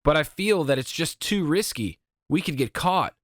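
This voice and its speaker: A man's voice: a little high, expressive, moderate pace, fairly bright tone, no room sound, clean studio sound, voice pushed up. A man voicing a snooty, sullen teenage girl with a snippy manner in an audiobook. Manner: snippy, full of attitude. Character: snooty teen girl, sullen, sharp-tongued.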